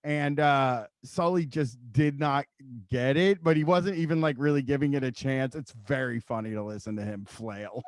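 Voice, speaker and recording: A man's voice: medium pitch, normal speed, no echo. A man hosting a podcast in casual chat, rambling and swearing with amusement. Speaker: podcast host.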